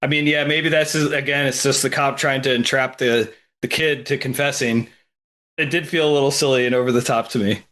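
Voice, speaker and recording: A man's voice: medium pitch, steady tone, a little fast, a bit bright. A man chatting casually on a film podcast, thinking aloud and often saying "like.".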